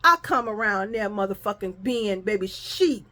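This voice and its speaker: A middle-aged woman vlogging, telling a story in casual chat with animated, profane talk, often calling her viewers y'all. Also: medium pitch, normal speed.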